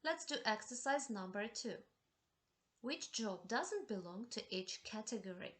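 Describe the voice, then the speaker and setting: Slow, bright-voiced woman teacher. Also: fairly high pitch, animated. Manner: slow, deliberate, giving step-by-step instructions. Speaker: English teacher. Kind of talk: classroom instruction.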